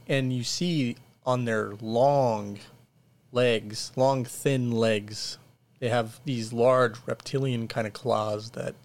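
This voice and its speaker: Male game master, slow and gravelly, halting scene narration. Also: mid-range voice. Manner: halting, many fillers and restarts while describing. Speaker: dungeon master.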